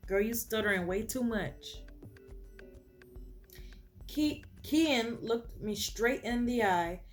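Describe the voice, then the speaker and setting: Sassy slow-talking woman reading a story game. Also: on the high side, expressive, soft background music. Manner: sassy asides to the characters. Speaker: game streamer.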